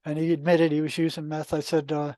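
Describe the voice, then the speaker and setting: An older man, a retired therapist, telling anecdotes in a relaxed, conversational podcast interview, full of asides. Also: on the high side, brisk, no echo. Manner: relaxed, anecdotal, many asides and "you know". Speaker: podcast guest, retired psychotherapist. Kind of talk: casual storytelling.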